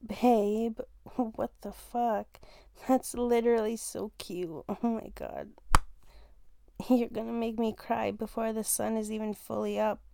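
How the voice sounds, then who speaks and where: Slow, gravelly young woman teasing. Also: a little high, warm tone, no room sound. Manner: teasing, playful, laughs often, swears casually. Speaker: fiancée in a listener role-play. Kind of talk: casual romantic role-play audio.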